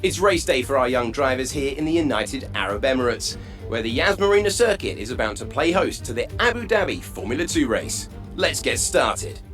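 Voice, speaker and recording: An actor playing an in-game motorsport commentator, delivering scripted broadcast lines in a smooth, enthusiastic presenter manner. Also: male voice, mid-range voice, sing-song, fairly quick, fairly bright tone. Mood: upbeat. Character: polished male motorsport TV presenter. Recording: game audio with music bed.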